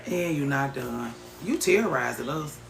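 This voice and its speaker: A woman's voice: extremely low pitch, animated, moderate pace, vocal fry. A woman hosting a casual livestream, reading viewer comments aloud and teasing them, swearing freely. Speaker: livestream host. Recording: roomy echo, faint background noise.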